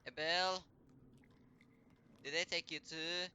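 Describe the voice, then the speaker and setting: A man's voice: on the high side, flat delivery, takes it slowly, bright, forceful tone, a little hiss or hum. A man streaming a live game, commenting as he plays, taunting enemies in a mock-polite way and swearing often.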